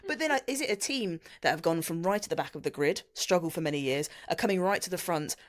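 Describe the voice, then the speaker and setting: A woman co-hosting a casual podcast, chatty and quick to laugh as she explains things. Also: on the low side. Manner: chatty, lively, laughs often. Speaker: podcast co-host.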